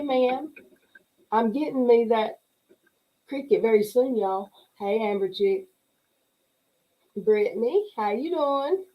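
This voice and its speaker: A woman's voice: a little high, warm tone, low-quality recording. A middle-aged woman hosting a livestream. She chats casually, laughs often and greets viewers by name as she reads their comments. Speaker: livestream host. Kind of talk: casual chat reading live comments.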